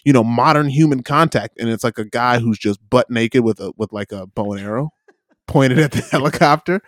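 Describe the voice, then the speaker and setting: A man's voice: medium pitch, fairly quick, no echo, clean studio sound. A young man co-hosting a podcast, telling a rambling story in casual chat with many fillers and acted-out quotes. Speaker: podcast co-host.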